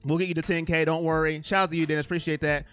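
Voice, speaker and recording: A man hosting a casual live stream chat, rambling excitably and reading viewer comments aloud. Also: fairly high pitch, rapid-fire, smooth, faint music behind.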